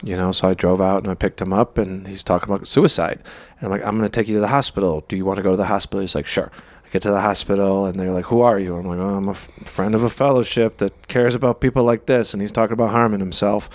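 A man on a podcast, telling a personal story with lively quoted dialogue. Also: fairly low pitch, quick pace, dry recording. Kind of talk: casual podcast chat.

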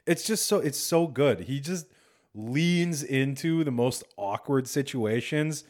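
A man's voice: mid-range voice, slow pace, a little mellow. A man co-hosting a podcast in casual chat, acting out scenes with quoted voices. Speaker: podcast co-host.

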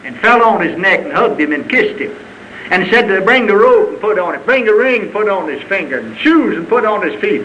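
A man preaching a sermon with an old-fashioned preaching cadence, swinging between loud, high exclamations and low, quiet asides. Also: animated, a little fast, a little hiss or hum, poor audio.

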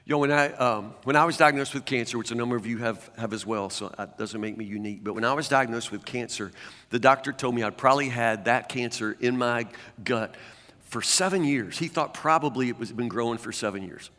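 A man's voice: mid-range voice, a little fast, pushed and bright, big-room sound. A man preaching a sermon as a pastor, talking conversationally and often stammering into restarts.

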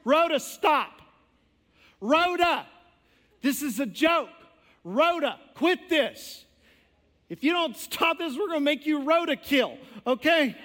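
A man's voice: very high voice, monotone, a little fast, hardly any pauses, pushed and bright, voice pushed up. A man voicing fervent early church believers, pleading and scoffing in an exaggerated way. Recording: long church hall reverb.

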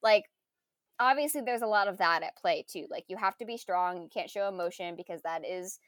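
A woman in casual conversation reviewing a film, animated and full of fillers and laughs. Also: medium pitch, brisk, no room sound, studio quality.

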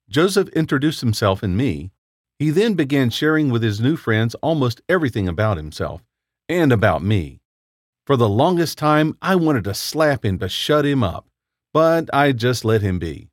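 A man's voice: mid-range voice, no room sound. Man narrating horror in a dry voice. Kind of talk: first-person horror story reading.

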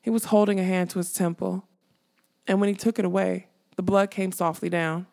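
Brief: female fantasy audiobook narrator, even and steady, slight vocal fry. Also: lowish voice, fairly quick. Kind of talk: scripted narration.

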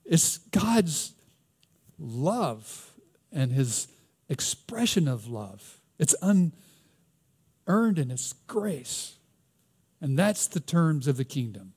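A man's voice: fairly high pitch, big pitch swings, drawn-out words, long pauses, darkish tone, husky. A man with a Southern US accent preaching a conversational sermon, reading scripture and asking rhetorical questions.

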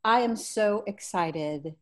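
A woman's voice: mid-range voice, slow pace. A woman hosting a podcast interview, welcoming her guest and asking questions. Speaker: podcast host.

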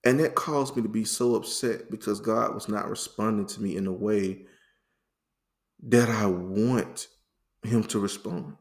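A man co-hosting a faith talk, telling his story in a lively, repetitive, conversational way full of slang. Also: fairly low pitch, measured pace. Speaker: faith podcast co-host.

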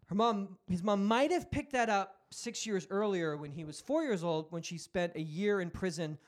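Animated high-voiced man telling stories. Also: moderate pace. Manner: animated storyteller, acts out loud quotes, swears freely. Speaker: podcast host. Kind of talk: casual chat.

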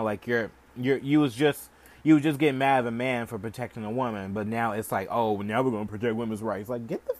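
A young man hosts a podcast and vents his opinions in a loose, heated rant. He swears often and leans on "like" between nearly every phrase. His voice sits at an ordinary middle pitch. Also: darkish tone. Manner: heated, profane, heavy use of "like". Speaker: podcast host. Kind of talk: casual ranting commentary.

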